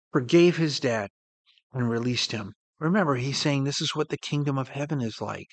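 A man preaching a sermon in an earnest way, his voice swelling and then dropping soft as he reads and explains scripture. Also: mid-range voice, dry recording.

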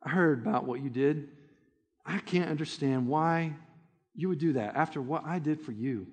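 A man voicing a stern, wealthy male business boss who speaks low and quiet. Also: moderate pace, long reverb tail, close to an everyday voice.

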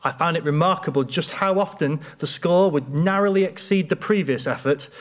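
Male storyteller, dry wit, deadpan delivery, slightly high voice. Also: normal speed. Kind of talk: humorous personal storytelling.

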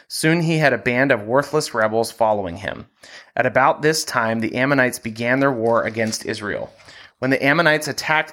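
A man reading a Bible passage aloud in a steady, measured way, hosting a scripture podcast. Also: medium pitch.

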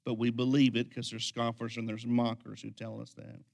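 A man preaching a sermon as pastor, swinging from quiet, intense lines to loud, energetic ones. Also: medium pitch, moderate pace, creaky.

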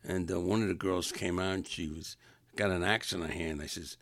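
A man's voice: low voice, steady tone, brisk, fairly bright tone, no room sound. A man casually telling rambling personal anecdotes, often correcting himself mid-sentence. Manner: rambling, self-correcting, chuckling. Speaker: storyteller.

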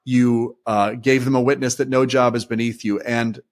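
A man's voice: mid-range voice, flat delivery, moderate pace. A man hosting an interview, talking enthusiastically and telling stories in long rambling sentences. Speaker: podcast host, former seminary teacher. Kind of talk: interview talk.

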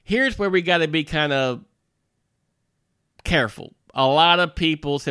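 A man's voice: a little high, animated, measured pace, bright, forceful tone, clean tone, no echo, studio quality. A man who is a minister, giving a folksy devotional talk to parents in a conversational way, with frequent asides and restarts.

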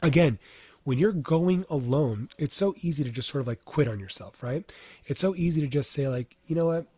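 A man's voice: a little high, animated, moderate pace, dark tone, slightly rough, no room sound. Chatty man, a fitness coach. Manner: chatty, lots of "like" and "right?". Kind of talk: casual motivational talk.

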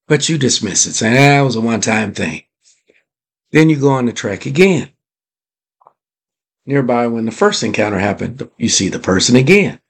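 A man hosting a motivational podcast, telling a story in a drawn-out, deliberate way and putting rhetorical questions to his listeners. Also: fairly low pitch, vocal fry, slightly rough. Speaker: podcast host.

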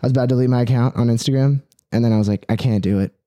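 A man's voice: medium pitch, steady tone, rapid-fire, mellow, no echo. A young man chatting casually as a podcast guest, rambling with lots of "like" and "dude". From Philippine heritage.

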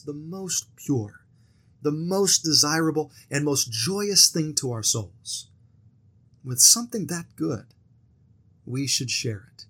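A man's voice: a little high, fairly bright tone, slightly rough. A man teaching a scripture lesson in an earnest, storytelling manner, with acted quotes and personal anecdotes. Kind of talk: lesson presentation.

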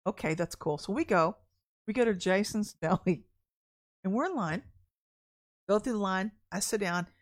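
A woman's voice: mid-range voice, normal speed, long pauses. A woman preacher, telling a personal story in a candid, chatty sermon and laughing often. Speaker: deliverance minister.

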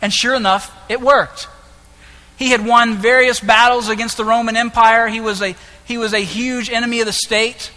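A man preaching a sermon as pastor, impassioned, moving between hushed lines and loud ones. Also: very high voice, fairly even intonation, normal speed. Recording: echoey hall with long reverb.

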